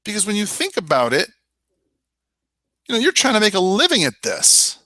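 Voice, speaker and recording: A man's voice: sits high, huge pitch swings, moderate pace, sharp tone, no room sound. A man coaching real estate agents in a webinar, emphatic and persuasive. He talks straight to the listener and often says "I mean" and "you know". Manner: addresses listener directly with rhetorical questions. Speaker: real estate sales trainer.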